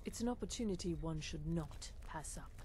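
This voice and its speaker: Calm assassin lady in a game, lowish voice, cool and formal, bit of hiss. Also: normal speed. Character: calm, poised female assassin handler.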